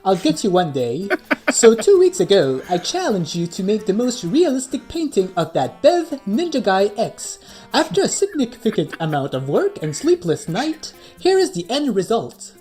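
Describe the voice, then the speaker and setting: A woman's voice: medium pitch, very animated, moderate pace, warm tone, husky, faint music behind. A synthetic female voice playing a cheeky co-host with a put-on British accent. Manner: cheeky and full of slang.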